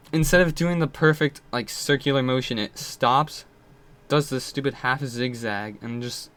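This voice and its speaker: A man giving casual gameplay commentary, rambling and frustrated, muttering low and then yelling out. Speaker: gamer playing and commenting.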